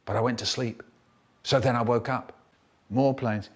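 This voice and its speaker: A man of medium pitch talks at normal speed, spinning humorous stories about growing up. He's animated and imitates the other people's voices; it's remixed comic storytelling from a storyteller.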